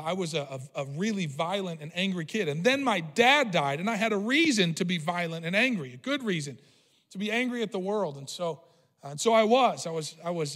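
A pastor telling a personal story in a sermon, conversational with frequent fillers and restarts. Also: male voice, a little high, a bit bright, big-room sound. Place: church sanctuary.

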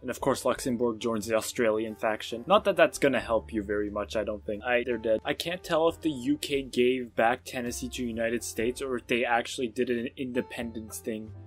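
A man giving casual, sarcastic let's-play commentary on a strategy game, with excitable outbursts and self-mocking asides. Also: medium pitch, brisk, few pauses, soft background music. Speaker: gaming YouTuber.

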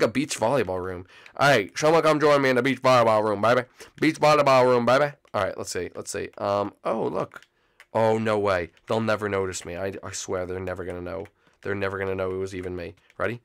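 A man's voice: lowish voice, gravelly. A man hosting a gameplay channel, chatting casually to viewers and yelping at game moments. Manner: excitable, yelps and shouts at game moments; chatty, talks to viewers as "folks".

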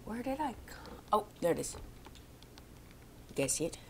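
A woman's voice: medium pitch, big pitch swings, normal speed, vocal fry, heavy background noise. A young woman casually chatting over a video game, rambling and poking fun at herself. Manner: rambling, self-mocking, talks to viewers. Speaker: gaming vlogger. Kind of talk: casual gameplay commentary. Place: home, indoors.

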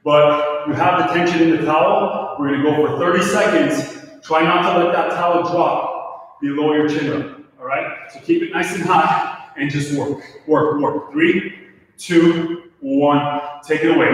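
A man's voice: on the high side, fairly even intonation. Guy coaching a workout, counting reps, kinda breathless, far off the mic in a big echoey room. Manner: counts reps aloud, brisk motivating cues. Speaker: fitness instructor. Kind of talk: live home workout coaching.

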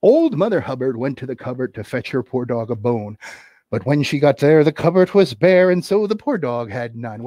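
A man's voice: medium pitch, very animated, normal speed, warm tone, dry recording, clean studio sound. A man running a livestreamed puppet show, chatty and playful with sing-song asides, telling a nursery rhyme into a camera. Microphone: camera on a desk.

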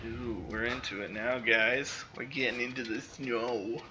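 A man's voice: medium pitch, steady tone, a little slow, noisy background. A man giving casual gameplay commentary, rambling and self-interrupting, full of fillers. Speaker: let's play host.

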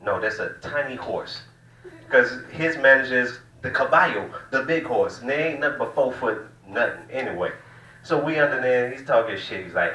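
A male stand-up comedian from the Southern United States performs a set in a small cafe room used as a comedy venue, telling stories in a loose, profane drawl. His medium-pitched voice is bright and animated, a little fast. The roomy space, distant mic and faint hiss give a live-room sound.

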